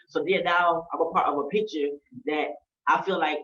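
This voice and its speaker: A man's voice: fairly high pitch, fairly even intonation, normal speed, a bit bright. Man telling a personal story, distant and roomy. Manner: earnest, repetitive, quoting others in his story. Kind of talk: emotional personal testimony. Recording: roomy, distant, dull-sounding.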